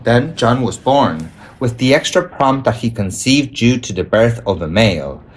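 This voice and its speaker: A man reading a storybook aloud in an expressive storytelling manner. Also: medium pitch, moderate pace. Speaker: audiobook reader. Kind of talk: read-aloud storybook narration.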